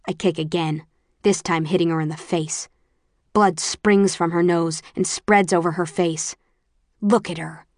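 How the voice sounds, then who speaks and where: Female audiobook narrator with a lower register; dry, close delivery that stays measured and sometimes falls almost to a whisper. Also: a little mellow, no room sound. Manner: low-key, measured, dropping to near whispers. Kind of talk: first-person audiobook narration.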